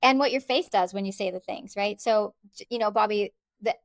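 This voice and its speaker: A woman's voice: mid-range voice, a little fast, no room sound. A woman co-hosting a podcast, speaking in an earnest, encouraging way. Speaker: podcast co-host. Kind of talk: conversational podcast talk.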